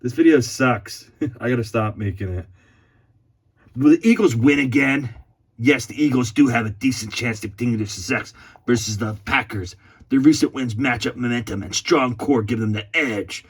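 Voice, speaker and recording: A man's voice: mid-range voice, normal speed, breathy edge. A man giving a mocking, profane sports-fan rant and laughing at himself. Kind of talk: ranting fan commentary.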